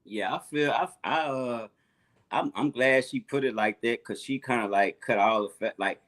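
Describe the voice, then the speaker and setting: A man's voice: medium pitch, moderate pace, a bit bright. A man co-hosting a podcast, speaking hesitantly with frequent restarts. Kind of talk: casual chat.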